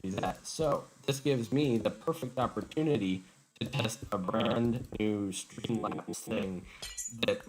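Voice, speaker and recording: A man with a lowish voice chats on a live stream from his room, full of dry, self-mocking jokes. His faulty microphone makes him sound garbled and robotic. Steady noise and clicks run under everything. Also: slow. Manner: joking, sarcastic self-mockery. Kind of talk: casual livestream chat. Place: home room. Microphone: faulty desk microphone. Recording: noisy, glitchy home mic.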